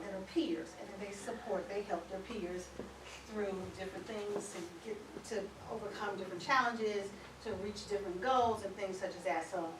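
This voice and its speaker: A woman leading a conference workshop as facilitator, chatty and encouraging as she affirms the group. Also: medium pitch. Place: conference room. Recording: echoey room from far off, background noise.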